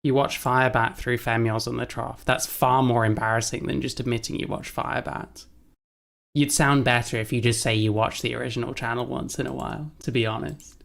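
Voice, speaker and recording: A woman's voice: rumbling low, fairly even intonation, fairly quick, creaky. A woman streamer giving blunt, sarcastic and profane reaction commentary, often laughing. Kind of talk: casual livestream reaction commentary.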